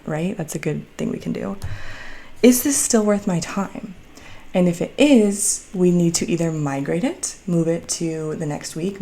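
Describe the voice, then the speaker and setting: Gravelly, warm-toned woman vlogging casually. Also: on the low side, a little hiss or hum. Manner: chatty, upbeat, full of likes and ums. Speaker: bullet journal creator. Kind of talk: casual how-to vlog.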